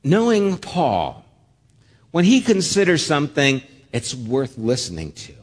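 A middle-aged man preaching a sermon, reading scripture aloud in a measured, earnest way. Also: fairly high pitch, huge pitch swings. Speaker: pastor. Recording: long hall reverb.

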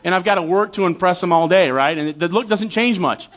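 A man in his forties preaching as a guest church elder, talking casually and poking fun at himself, with frequent quick restarts. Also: sits high, a bit bright, lo-fi sound. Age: 40s. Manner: conversational and self-deprecating, with quick restarts. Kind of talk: sermon with humorous stories.

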